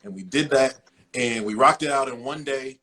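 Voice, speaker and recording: A man's voice: medium pitch, moderate pace, sharp tone. Earnest male host wrapping up a show. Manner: earnest, emphatic, a bit rambling. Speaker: podcast host. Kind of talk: casual show wrap-up and commentary.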